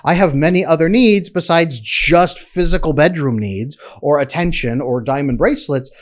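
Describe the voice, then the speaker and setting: A man's voice: on the high side, normal speed, lightly acted. A man voicing an anxious woman who earnestly pleads for more commitment in a relationship. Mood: pleading.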